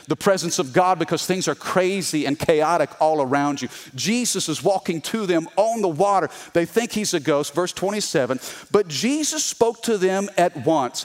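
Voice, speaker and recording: A middle-aged male pastor preaching an energetic sermon, calling on the congregation to respond. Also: sits high. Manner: animated, call-and-response with congregation.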